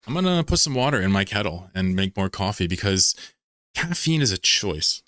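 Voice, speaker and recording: A man's voice: on the low side, sing-song, moderate pace, a bit bright, no echo. A man from Pennsylvania, streaming a game and chatting with viewers in a rambling, joking way, swearing freely. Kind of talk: casual live-stream chat while gaming.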